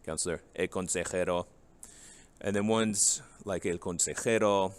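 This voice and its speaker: A man's voice: sits low, normal speed. A man teaching a Spanish vocabulary lesson, reading each English word and then its Spanish match, and asking the class rhetorical questions.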